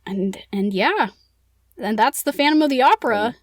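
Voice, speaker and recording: A woman's voice: fairly high pitch, lively intonation, moderate pace, no echo, studio quality. A young woman co-hosting a podcast, casually recapping a book in a chatty way, filling with "like". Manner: chatty, heavy use of "like". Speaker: podcast co-host.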